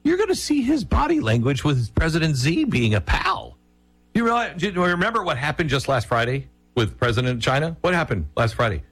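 A man's voice: fairly high pitch, very animated, fairly quick, a bit bright, husky, no room sound. A man hosting a talk radio show, giving emphatic, argumentative commentary and acting out quotes. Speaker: radio host.

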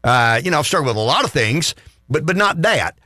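Southern guy on morning radio, bright lively voice, tells stories and chuckles a lot. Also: fairly high pitch, a little fast, dry recording, studio quality. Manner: animated storyteller, chuckles often. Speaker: radio show co-host. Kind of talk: casual radio talk, storytelling.

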